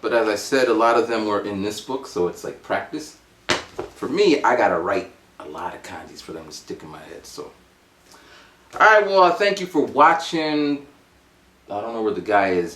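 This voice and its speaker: A man in his forties telling a rambling, animated story at home. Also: fairly low pitch, roomy sound. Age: 40s. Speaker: vlogger. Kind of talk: casual storytelling vlog.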